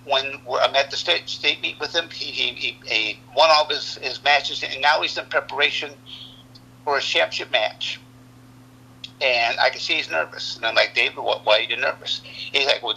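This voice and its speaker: A man's voice: mid-range voice, gravelly, pushed and bright, breathy edge, low-quality recording. A man in his sixties from the United States, a retired wrestler telling long rambling stories in a casual interview, often repeating words and restarting sentences. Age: 60s.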